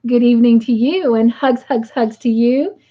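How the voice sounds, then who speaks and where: A woman's voice: on the high side, moderate pace. Chatty woman hosting a livestream. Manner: chatty, warm greetings with lots of fillers. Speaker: livestream host. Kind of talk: casual livestream chat, reading viewer comments aloud. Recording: muffled lo-fi livestream audio.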